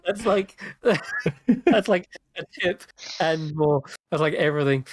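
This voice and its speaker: Tiny pixie shopkeeper, squeaky, bad put-on dwarf accent, eager to sell. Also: male voice, animated, slow, breathy edge, no room sound, heavily acted, poor audio. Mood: excited. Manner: mock dwarven accent, very high-pitched and squeaky.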